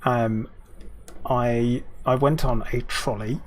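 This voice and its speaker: A man's voice: medium pitch, fairly even intonation, slow. A British man streaming a game, chatting casually with viewers in a rambling way with lots of ums and restarts.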